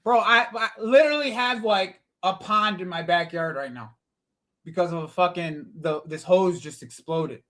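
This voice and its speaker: A man with a high voice runs a live football watch-along from a home desk mic. He swears freely, addresses his viewers as boys and bro, and reacts loudly to every play. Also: normal speed. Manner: swears a lot, shouts at the referee, calls viewers boys and bro.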